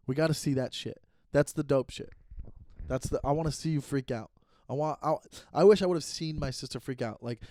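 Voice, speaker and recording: A man's voice: medium pitch, darkish tone, no echo, clean studio sound. A man who hosts a comedy podcast, ranting and swearing with lots of restarts, recorded on a phone in his bedroom. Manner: profane, ranting, fast restarts. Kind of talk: solo podcast rant. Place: bedroom with the door closed. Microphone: phone set up pointing at him.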